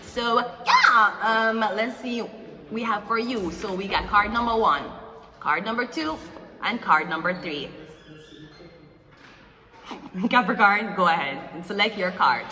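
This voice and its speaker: A woman's voice: medium pitch, pushed and bright. A woman hosting a casual tarot reading in a loose, chatty way, now and then breaking into song. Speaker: tarot reader and channel host. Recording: echoey room with long reverb and music. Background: music playing.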